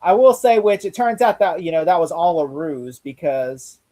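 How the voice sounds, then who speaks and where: A man co-hosting a podcast in casual chat, animated, laughing often and acting out bits of dialogue as he retells scenes. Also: a little high, moderate pace. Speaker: podcast co-host.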